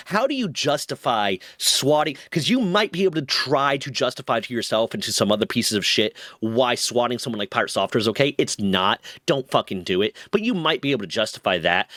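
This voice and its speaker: A man's voice: medium pitch, fairly bright tone, no room sound. Indignant man on a dry mic. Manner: heated, profane, indignant. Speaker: streamer and commentator. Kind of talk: angry commentary.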